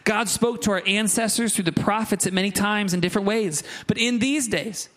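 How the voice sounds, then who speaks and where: Pastor, male, higher-pitched voice, animated and chatty from the pulpit. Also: a little fast. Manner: animated, conversational preaching with asides to the congregation. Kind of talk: sermon.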